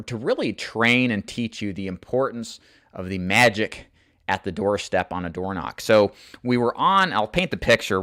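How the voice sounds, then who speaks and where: A man's voice: fairly low pitch, a bit bright, no echo, clean studio sound. A man coaching insurance agents in a casual, earnest talk to camera, with plenty of fillers. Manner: earnest, plain-spoken, many fillers.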